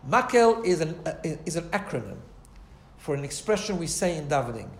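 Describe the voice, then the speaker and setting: A man's voice: a little high, sing-song, fairly quick, creaky. A man giving a Torah class with an Orthodox Jewish English and Ashkenazi Hebrew accent. He talks in a chatty way, repeats words and keeps asking "right?". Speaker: Torah teacher.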